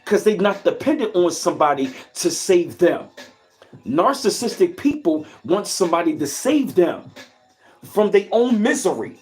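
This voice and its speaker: Guy on a livestream, preachy and repeating himself, shouting out chat, kinda high voice. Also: big pitch swings, normal speed, soft background music. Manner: preachy, greets chat, repetitive. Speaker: livestream host. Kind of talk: casual motivational talk.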